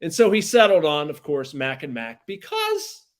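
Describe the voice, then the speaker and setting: A man from Pittsburgh co-hosting a casual podcast as a baseball journalist, talking in an animated, rambling way with frequent restarts. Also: fairly high pitch, normal speed.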